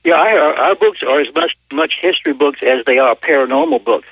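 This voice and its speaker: A man's voice: fairly high pitch, animated, brisk, no echo. A man from Louisiana with a Southern accent, talking casually as an interview guest in a hesitant way, over the phone. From Northwest Louisiana. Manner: hesitant, many fillers and restarts. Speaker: author and paranormal investigator guest. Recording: tinny phone line.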